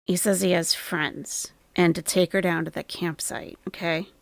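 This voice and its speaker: A woman reacts to a clip on her stream with dry, wary commentary. Her voice is gravelly with plenty of vocal fry. The sound is close and dry, with no room around it. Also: fairly low pitch, steady tone, a little slow, no room sound. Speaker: channel host reacting to a clip.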